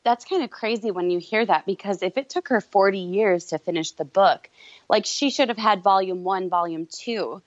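A woman guest telling her story in a candid, quick-talking way. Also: medium pitch, no echo. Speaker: guest entrepreneur. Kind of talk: casual interview chat. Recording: dull lo-fi recording.

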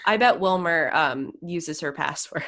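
A woman's voice: low voice, unhurried. A woman co-hosting a podcast, chatting casually and animatedly about celebrity gossip, with many "like"s. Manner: animated, gasps and laughs, frequent "like". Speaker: podcast co-host.

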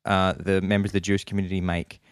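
A man's voice: deep voice, level tone, quick pace, clean tone, no room sound, studio quality. A man with an Australian accent co-hosting a casual podcast, playful and rambling, laughing often. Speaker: podcast co-host.

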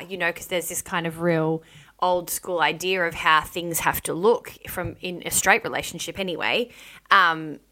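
Woman, podcast host, bright forceful tone, lowish pitch, reflective questions. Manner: reflective, thinks aloud while framing questions. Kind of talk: casual podcast chat.

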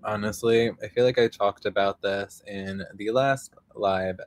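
Outdoors on a live podcast, a young male host delivers a casual monologue in a loose, rambling style, full of fillers and the odd swear word. His fairly low, steady voice moves slowly and unhurriedly, drawing out his words.

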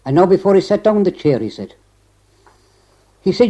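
An elderly Irish man tells a remembered story to an interviewer, his voice dark and mellow in tone. He rambles, restarts his phrases and strings everything together with "he said" after nearly every clause. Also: high voice, big pitch swings, fairly quick, long pauses, poor audio. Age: older. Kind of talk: oral history recollection.

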